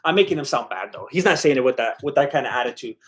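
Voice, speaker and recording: A man's voice: mid-range voice, expressive, very fast, a bit bright. A man giving casual, chatty live commentary on a fight broadcast, laughing often as he relays the post-fight interview.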